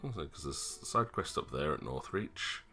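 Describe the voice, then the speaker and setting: A man's voice: very deep voice, big pitch swings, moderate pace, sharp tone, a little hiss or hum. Sarcastic man streaming a game. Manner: chatty, sarcastic, mocking. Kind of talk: live gameplay commentary. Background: game music.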